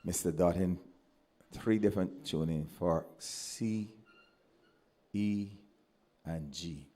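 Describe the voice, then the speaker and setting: A man with a Barbadian accent, a former pupil giving a speech at a ceremony, telling animated anecdotes and acting out the voices he quotes. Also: sits low, slow. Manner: animated storyteller who acts out quoted voices.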